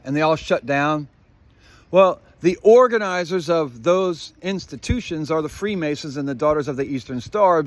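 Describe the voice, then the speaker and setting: Man, high-pitched voice, rambling conspiratorial vlog monologue, swears a lot, talks to viewers directly. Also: a bit bright. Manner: profane, swears often; rambling, jumps between topics, plays on words. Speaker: vlogger.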